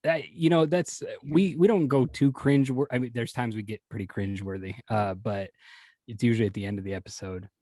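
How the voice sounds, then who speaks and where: A man's voice: mid-range voice, fairly even intonation, a little fast, warm tone, no echo. A man chatting as a guest on a podcast, rambling and swearing casually, laughing often.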